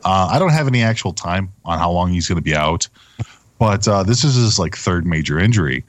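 A man's voice: sits low, animated, a little fast, no room sound. A man co-hosting a casual podcast, hesitant and often trailing off. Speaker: co-host.

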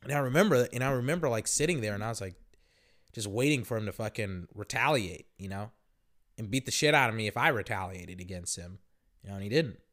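A man's voice: on the low side, lively intonation, fast, a bit bright. Young guy on a podcast mic rambling thru a story, swears a ton, lots of likes and ums. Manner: profane, rambling, many fillers. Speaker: podcast host. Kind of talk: casual storytelling monologue. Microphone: podcast microphone.

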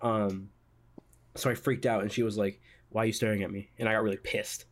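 A man hosting a podcast, telling a story in a halting, rambling way full of fillers and restarts. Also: on the low side, level tone. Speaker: podcast host. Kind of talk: casual storytelling chat.

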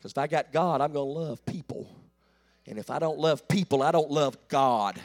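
A pastor in his late forties preaching a folksy call-and-response sermon that builds to shouts. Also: on the high side, normal speed, soft background music. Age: 40s.

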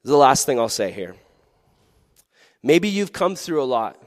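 A man's voice: mid-range voice, normal speed. Man preaching to teens in a reverberant hall. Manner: animated, acts out quoted voices. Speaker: youth pastor. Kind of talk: sermon.

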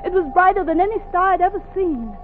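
A defiant young runaway, high and tinny. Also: female voice, animated, quick pace. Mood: breathless. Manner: earnest, defiant. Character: young enslaved woman fleeing north, determined. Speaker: narrator and lead. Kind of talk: 1950s radio drama acting. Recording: tinny old radio recording.

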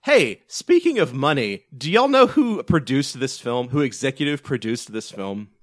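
A man's voice: mid-range voice, big pitch swings, normal speed, dry recording, studio quality. A man, co-hosting a casual movie podcast, rambling with frequent restarts and fillers and the odd swear. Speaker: podcast co-host. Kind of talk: casual movie review chat.

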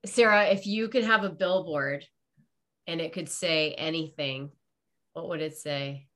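A woman's voice: deep voice, measured pace, a bit bright. A woman co-hosting a podcast, joking playfully with the guest and her co-host. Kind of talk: casual interview chat.

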